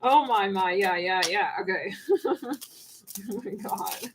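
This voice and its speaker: A woman's voice: medium pitch, takes it slowly, background noise. A woman giving a channeled tarot reading on a livestream, rambling and laughing often. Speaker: tarot reader.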